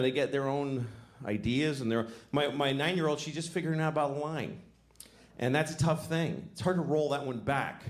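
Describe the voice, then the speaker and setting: A man in his forties doing a grumpy stand-up rant that swerves between loud outbursts and low mumbled asides. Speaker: stand-up comedian. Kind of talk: stand-up routine. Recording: noisy ambience behind.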